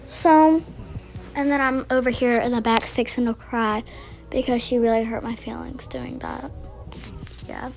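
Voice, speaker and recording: A high-pitched woman with a drawl chats through a casual storytime vlog. She rambles and circles back, restarting her sentences as she goes. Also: low-quality recording. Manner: rambling, chatty, with many restarts and fillers. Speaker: vlogger.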